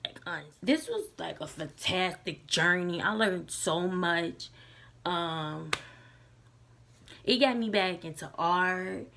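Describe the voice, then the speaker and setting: A woman's voice: on the low side, gravelly, background noise. A young woman talking casually to her camera, loose and candid, with many likes and restarts. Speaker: vlogger.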